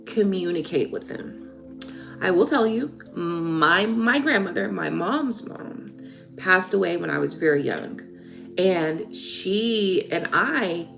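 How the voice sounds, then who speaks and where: A young woman giving tarot readings on a live stream, chatting casually and emotionally with viewers. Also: on the low side.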